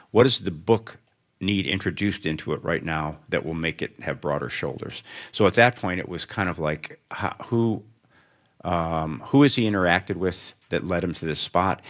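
A writer appearing as a guest in an onstage interview muses thoughtfully in a deep voice before a student audience in a lecture room. He rambles and keeps interrupting himself.

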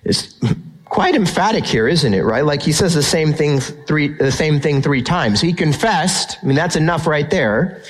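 A male pastor preaching a sermon in an emphatic way, slowing down to stress key phrases. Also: fairly high pitch, lively intonation, poor audio. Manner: emphatic, builds tension, slows down for key phrases.

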